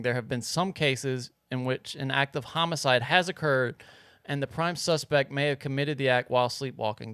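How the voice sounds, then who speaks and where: A man's voice: mid-range voice, fairly bright tone, clear, resonant tone, no echo, clean studio sound. A man co-hosting a podcast in loose casual chat, swearing freely and reading news stories aloud. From grew up on a farm. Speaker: podcast co-host.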